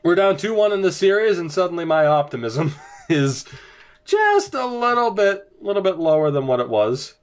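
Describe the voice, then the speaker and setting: A young man commentating his own hockey video game at home, in a casual let's-play way. His voice sits a little high for a man, and he mostly stays deadpan and understated, until a bad moment pushes him into a sudden spike of disbelief. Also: normal speed. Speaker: gaming commentator. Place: home room early in the morning.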